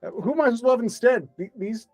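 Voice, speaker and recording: A man's voice: extremely high pitch, rapid-fire, darkish tone, soft background music. A man co-hosting a comedy livestream, rambling in a dry, mock-grand manner. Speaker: co-host. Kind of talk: live comedy stream.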